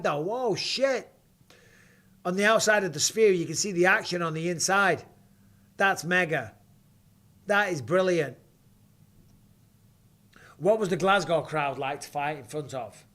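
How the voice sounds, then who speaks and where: A man hosting a live fight watch party from home, chatting with viewers and reacting excitedly, with casual swearing. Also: fairly high pitch. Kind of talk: live watch-along commentary and chat.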